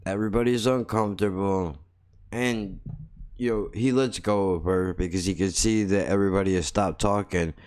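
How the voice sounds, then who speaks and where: A man's voice: sits low, steady tone, normal speed, a little mellow. A man hosting a podcast, telling a story in a blunt, heavily profane, casual comedic way and mocking himself as he goes. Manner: self-mocking, laughs at his own jokes. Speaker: podcast host.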